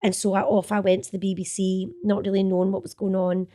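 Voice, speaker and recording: A woman's voice: mid-range voice, fast. A middle-aged Scottish woman, an actor, chatting in an interview and acting out the quotes in her stories. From Scotland. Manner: chatty, animated, acts out quotes. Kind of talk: casual storytelling interview.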